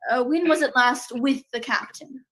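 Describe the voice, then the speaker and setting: A woman's voice: sits high, moderate pace, a bit bright, low-quality recording. A woman playing a fussy, pompous male detective in a student stage play, speaking in prim, proper phrases. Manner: prim, posh-sounding phrasing.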